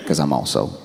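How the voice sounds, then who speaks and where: A man doing stand-up, telling a story in a calm, wry, laid-back way. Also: noisy background. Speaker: stand-up comedian.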